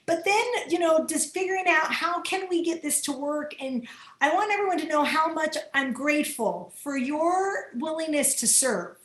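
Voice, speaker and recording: A woman's voice: high-pitched, lively intonation, normal speed, a bit bright. A woman coordinating volunteers in a training video call, talking earnestly and with emotion, often laughing between her words. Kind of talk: Zoom training talk. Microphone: computer mic on a video call. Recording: roomy echo on a video call.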